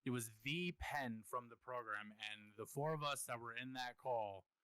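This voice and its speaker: A man's voice: mid-range voice, moderate pace, bright, forceful tone, clear, resonant tone, no room sound, poor audio. A man hosting a podcast in casual chat, earnestly explaining at length, with frequent swearing and restarts. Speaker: podcast host.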